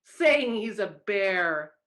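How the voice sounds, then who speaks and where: A woman's voice: mid-range voice, expressive, drawn-out words. A woman voicing a bossy, angry male factory foreman who scolds and mocks. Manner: loud, scolding, mocking laughter.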